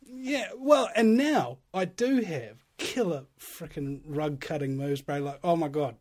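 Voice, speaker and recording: A man chatting casually in a relaxed, slangy way, chuckling as he talks. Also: on the high side, measured pace. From New Zealand. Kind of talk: casual conversation.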